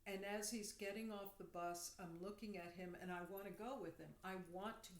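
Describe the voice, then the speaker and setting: A woman guest on a podcast telling a personal story in a vivid, animated way during casual chat. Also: medium pitch, moderate pace. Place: room. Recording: roomy echo.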